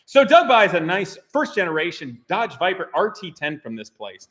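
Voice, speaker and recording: A man with a high voice hosts a live stream from a workshop garage. He talks to his crew in an animated, joking way and laughs often. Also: moderate pace. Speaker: host of a car channel.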